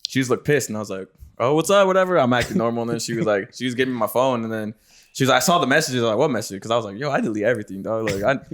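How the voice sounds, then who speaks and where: Casting: male podcast co-host, quick-talking, rambling with lots of fillers. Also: medium pitch. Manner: rambling storytelling with many fillers. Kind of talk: casual chat.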